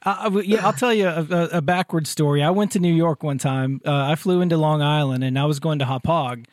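A man co-hosts a relaxed interview with a fairly high voice, telling anecdotes with emphatic energy. The sound is close and dry. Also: brisk, no echo. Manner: animated, emphatic storyteller. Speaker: podcast co-host. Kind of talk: casual anecdote and interview questions. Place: around a table with guests.

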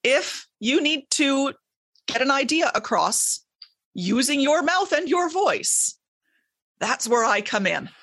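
Animated, high-voiced woman guest. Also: slow pace. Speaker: guest, communication specialist. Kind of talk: casual radio interview.

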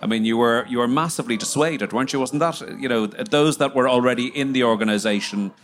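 A man's voice: medium pitch, fast talker. A man co-hosting an interview, jumping in with leading questions and stumbling repetitions, recorded at a festival. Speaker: podcast co-host. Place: outdoor festival.

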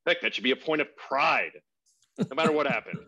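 A man's voice: medium pitch, lively intonation, brisk, gravelly, bright, forceful tone, dull audio. A man playing a tabletop game, brash and swearing in his character talk. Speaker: player. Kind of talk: casual chat at a game table.

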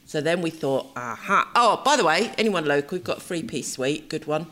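A woman's voice: low-pitched, expressive, brisk, bright, forceful tone, slight background noise. A woman from England chats with her partner on a casual podcast. She teases him, laughs often and rambles happily from one topic to the next. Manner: chatty, teasing, laughs often. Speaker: podcast co-host. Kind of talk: casual chat.

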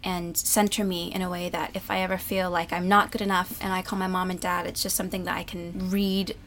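A woman's voice: lowish voice, flat delivery, fairly quick, fairly bright tone, slight background noise. A young woman, a stage actress, chatting candidly in an interview and laughing easily. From United States. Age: young adult. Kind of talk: casual interview chat.

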